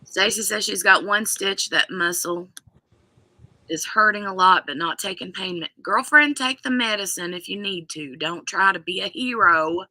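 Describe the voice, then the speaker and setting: A woman's voice: medium pitch, moderate pace, sharp tone, dry recording. A woman hosting a casual live stream, chatting and greeting viewers by name. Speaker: livestream host.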